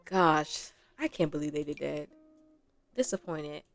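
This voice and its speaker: A woman's voice: deep voice, a little slow, creaky, soft background music. A young woman giving casual gameplay commentary as a gaming creator, chatty and rambling, laughing often.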